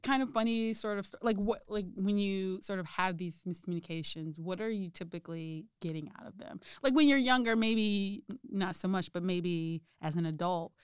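A woman's voice: mid-range voice, moderate pace, hardly any pauses, smooth, dry recording, clean studio sound. A young woman hosting a casual interview, rambling through her questions with lots of fillers and easy laughter. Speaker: podcast host.

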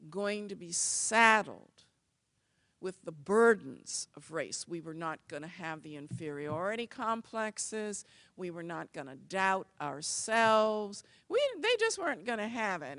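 Gravelly, expressive woman storyteller. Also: mid-range voice, takes it slowly, dry recording. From United States. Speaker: speaker. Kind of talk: personal storytelling talk.

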